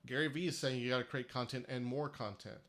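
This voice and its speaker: A man's voice: medium pitch, fairly even intonation, fast, fairly bright tone. A man hosting a live-streamed marketing workshop, talking emphatically and persuasively, with frequent restarts. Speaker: host of a marketing workshop livestream.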